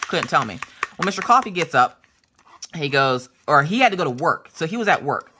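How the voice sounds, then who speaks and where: Animated woman host, low voice that swings widely, chatty home storytelling. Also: fairly quick, slight background noise. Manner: animated, acts out family members' voices. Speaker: craft channel host. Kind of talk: casual storytelling chat. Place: home craft room.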